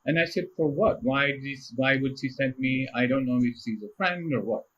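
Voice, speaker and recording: A middle-aged man from India, a podcast guest telling casual stories in an animated way and laughing often. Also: medium pitch, normal speed, highs cut off. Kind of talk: casual storytelling interview.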